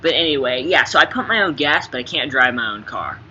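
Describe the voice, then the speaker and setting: A man's voice: mid-range voice, expressive, a little fast. Playful young man, jokey interviewee. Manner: playful, jokey, swings between soft asides and loud bursts. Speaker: interviewee, actor. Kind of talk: casual fun interview. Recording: slightly dull sound with faint background noise.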